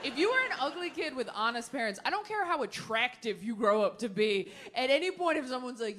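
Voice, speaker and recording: Woman stand-up, 30s, sarcastic and quick, live stage mic with crowd noise. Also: on the high side, sing-song. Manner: quick, sarcastic, laughing asides. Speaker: stand-up comedian. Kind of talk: stand-up comedy with crowd work. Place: large theater with audience. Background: audience laughter.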